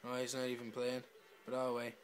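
A man's voice: mid-range voice, completely flat delivery, fairly quick, smooth. A man giving brash, swearing commentary over his own gameplay, talking to himself and taunting other players. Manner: brash, swearing trash talk. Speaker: gamer.

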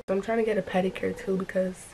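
In a fast, mid-range voice with little pitch movement, a young woman rambles to her phone camera at home in her bedroom, with background noise audible. It's a chatty, casual vlog laden with "like," and allergies plus a runny nose have left her slightly stuffy.

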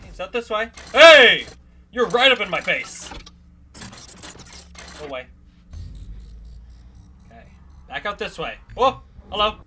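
Bright-voiced jumpy gameplay commentator. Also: male voice, sits high, slight background noise. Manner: jumpy, exclaiming, talks to the monsters. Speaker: gaming YouTuber.

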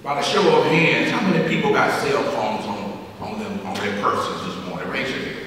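A man's voice: mid-range voice, sing-song, normal speed, background noise. A man preaching a sermon in a church, with rhythmic, emphatic delivery and repeated phrases. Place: church sanctuary. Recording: echoey church hall, mic far off.

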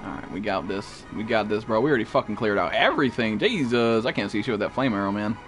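A young man streaming a survival game live, excitable and profane, yelping and shouting at enemies as he plays. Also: fairly low pitch, fast talker. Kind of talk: live gaming commentary. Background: game music.

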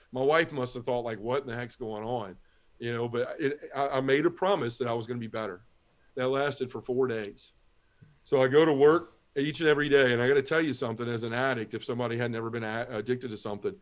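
A man guest on a talk show, telling his personal conversion story and acting out the dialogue as he goes. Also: mid-range voice. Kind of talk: personal testimony.

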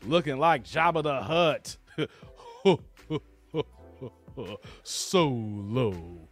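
A man's voice: medium pitch, sing-song, extremely slow, fairly bright tone, soft background music. A man hosting a live stream, laughing and teasing as he reads the chat aloud. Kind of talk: casual live stream commentary.

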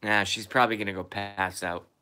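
A man's voice: on the low side, flat delivery, a little fast, pushed and bright, slight background noise. A man hosting a casual live stream from home, reading viewer comments aloud and answering them.

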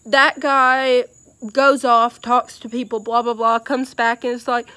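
A woman's voice: a little high, little pitch movement, a little slow, bright, forceful tone, no room sound. A young woman telling a personal story in a casual, rambling way with many fillers and hesitations.

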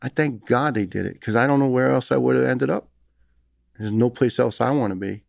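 A man's voice: medium pitch, a little fast, gravelly. A man in his fifties with a New York accent, talking earnestly and emphatically as a guest on a podcast interview. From United States. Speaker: retired firefighter guest.

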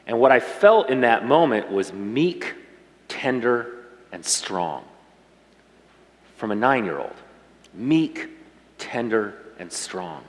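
A middle-aged man preaching a sermon as pastor, talking to the congregation in a warm, conversational and emotional way. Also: lowish voice. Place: church sanctuary. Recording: reverberant church hall.

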